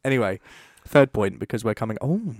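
A man's voice: mid-range voice, big pitch swings, fairly quick, darkish tone, no room sound, clean studio sound. A man co-hosting a podcast, telling stories in casual, joking chat. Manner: chatty storyteller, quips. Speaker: podcast co-host.

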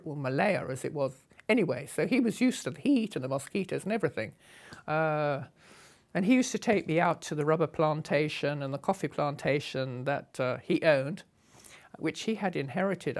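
An older woman from Britain recounts her memories with lively humor. Her voice sits low but rises and falls expressively. She tells her story like a practiced raconteur. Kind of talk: recounting a memoir.

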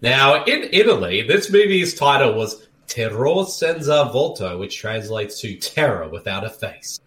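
A man chats over a horror film with friends, jokey and full of trivia. His pitch swings freely and his tone is bright. The room rings with echo, with a faint hum of ambience behind. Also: big pitch swings. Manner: jokey, trivia-sharing, quick to laugh. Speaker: podcast co-host. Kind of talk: casual movie commentary chat.

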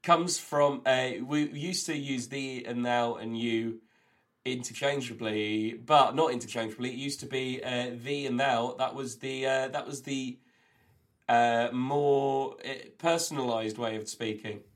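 A man's voice: medium pitch, steady tone, measured pace. A man co-hosting a comedy podcast over a remote call, rambling enthusiastically through trivia with lots of fillers and restarts. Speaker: co-host. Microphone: remote call, recorded on own end.

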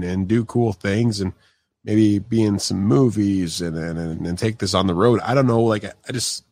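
Low-voiced rambling male podcast host. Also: a little mellow, no room sound. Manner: loose, rambling, many fillers and restarts. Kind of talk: casual interview chat.

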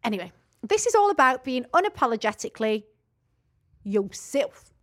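A woman's voice: fairly high pitch, sing-song. A woman from Rossendale with a Lancashire accent, chatting casually and swearing freely as a podcast co-host. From Rossendale, England. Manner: chatty, swearing, quick asides. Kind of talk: casual chat.

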